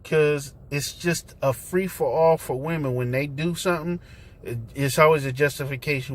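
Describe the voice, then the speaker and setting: Sitting in his car, the host of a talk vlog preaches his point in a relaxed, chatty way, leaning on slang and fillers. His voice is a little high and his pace moderate.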